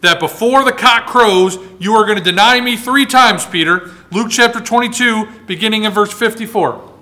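A man from the United States preaching a sermon, reading scripture aloud and swinging between raised, dramatic lines and hushed, slow ones. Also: high voice. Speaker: pastor.

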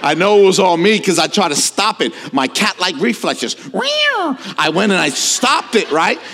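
A man preaching a sermon as pastor, swinging from hushed lines to shouted questions, telling stories with casual asides. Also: high voice, huge pitch swings, measured pace. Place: church sanctuary. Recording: long hall reverb.

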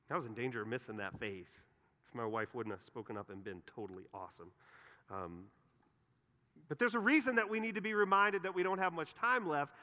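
A man in his forties preaching a sermon, telling stories and swinging between loud emphasis and quiet, intimate moments. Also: on the high side. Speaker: pastor. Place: church auditorium. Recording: long reverb of a church hall.

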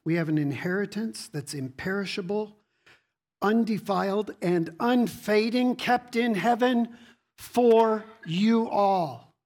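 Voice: mid-range voice, a little slow. A preacher giving a sermon to a congregation, reading scripture and asking rhetorical questions. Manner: teaching, rhetorical questions, repeats words; reads scripture aloud to a congregation.

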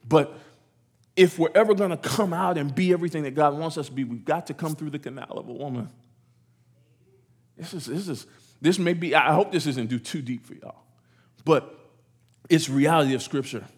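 A man preaching a lively sermon. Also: fairly high pitch, a little fast, pauses often, slightly rough. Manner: animated preaching, acts out voices, repeats phrases. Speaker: pastor.

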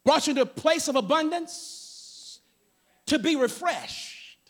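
Man, pastor, high voice, lively swooping delivery, call-and-response sermon. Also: slow. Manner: preaching with call-and-response and joking asides to the congregation. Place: church sanctuary.

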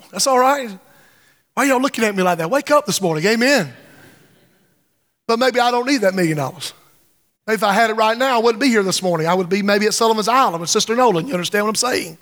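A man preaches with a very high, ringing voice, his sermon rolling between slow, drawn-out phrases and sudden swells. The sound carries a long reverb from a large church sanctuary. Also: a bit bright. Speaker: pastor.

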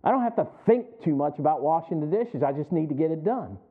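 A man's voice: a little high, animated, fairly quick. A middle-aged man preaching a sermon. He talks conversationally, often chuckling, and keeps asking the congregation to answer him back. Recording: tinny phone-like sound.

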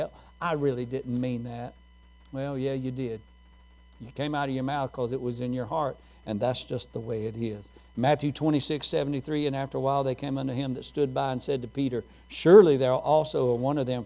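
Gravelly, mellow-voiced preacher man. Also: mid-range voice. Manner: folksy, quoting scripture with homespun stories. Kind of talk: sermon.

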